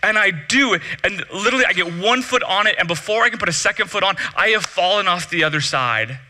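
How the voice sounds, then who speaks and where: A man's voice: high-pitched, lively intonation, fast, bright, forceful tone, a little hiss or hum. A man pastor preaching a sermon, telling a funny personal story and acting out the dialogue. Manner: humorous storytelling with acted-out dialogue.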